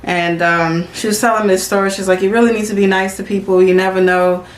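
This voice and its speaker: In a roomy, echoing recording, a woman co-hosting a podcast spins chatty stories full of filler words and quoted lines. She speaks at a medium pitch, steadily and quickly.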